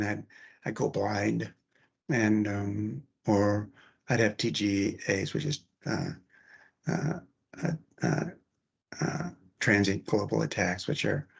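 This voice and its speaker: A man who survived an aortic dissection tells his story in a casual, halting way, pausing often to search for words. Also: fairly low pitch, creaky, husky, dull audio.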